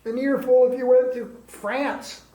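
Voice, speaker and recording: A man's voice: extremely high pitch, little pitch movement, measured pace, mellow. A man giving an informal spiritual class, joking, laughing often and imitating how people chant. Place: ashram class room. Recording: echoey room with faint background ambience.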